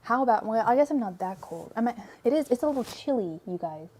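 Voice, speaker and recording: A young woman with a light lilt hosts a tarot livestream. Her voice sits a touch high. She talks loosely to her viewers with frequent "um"s and giggles. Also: lively intonation, fast, warm tone. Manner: chatty, giggly, lots of fillers. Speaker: tarot reader livestream host. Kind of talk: casual livestream chat.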